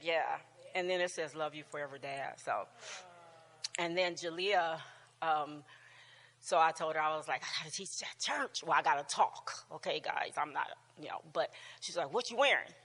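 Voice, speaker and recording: A woman in her sixties talks casually to a church class, laughing easily and tripping over her own sentences. Her voice is bright and a little tense. A long hall reverb trails behind her words. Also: low-pitched, steady tone, normal speed. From United States. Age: 60s. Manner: chatty, laughing often, warm storytelling with many restarts.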